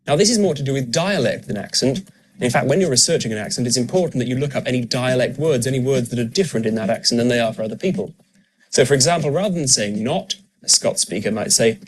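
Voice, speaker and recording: A man's voice: medium pitch, lively intonation. Man coaching accent sounds. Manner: clear, demonstrative, repeats example words slowly. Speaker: actor and voice coach. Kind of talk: instructional accent tutorial.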